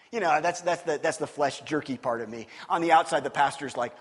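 A pastor delivers an animated sermon, his somewhat high, slightly husky voice carrying long reverb through a large sanctuary. He swings from punchy emphasis to quiet, earnest tones. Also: a little fast, few pauses. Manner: animated preaching, swinging from loud emphasis to low hushed tones.

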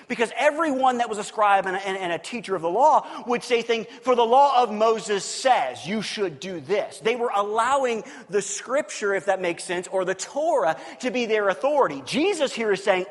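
A man giving conversational Bible teaching as a pastor, talking informally, restarting and repeating words and checking in with his listeners. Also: sits high. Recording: long reverb from a large room.

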